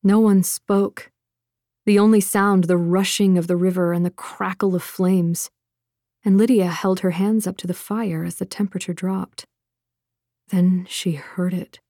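A woman narrating an audiobook in a measured, expressive manner. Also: mid-range voice, creaky, breathy edge, dry recording, studio quality.

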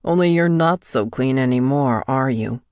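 Woman voicing a slow, gloating male captor. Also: a little mellow, no room sound, clean studio sound, heavily acted. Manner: slow, gloating, low-voiced taunts. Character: menacing young male captor, smug and cruel.

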